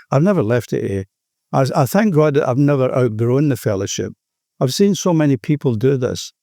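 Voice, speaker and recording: Older Australian man, mellow tone, earnest rambling recovery share, dry close sound. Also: medium pitch, expressive, a little fast, creaky, dry recording. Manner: earnest, rambling, peppered with "you know". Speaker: recovering alcoholic sharing his story.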